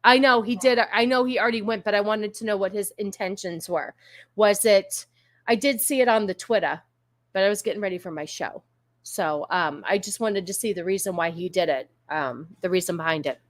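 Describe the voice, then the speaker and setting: A woman's voice: mid-range voice, brisk. A woman from California hosting a casual livestream, chatting with viewers in a sassy, laughing way and slipping into a valley girl voice. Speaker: livestream host. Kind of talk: casual chat with live chat viewers.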